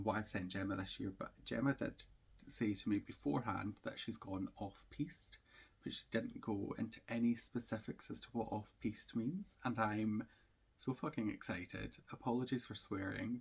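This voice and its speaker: A man's voice: fairly low pitch, vocal fry, slightly rough. A man hosting a crafting podcast, chatting in a rambling way with lots of ums and likes and easy laughs. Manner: laughs easily. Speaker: podcast host. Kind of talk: casual chat about knitting and crochet projects.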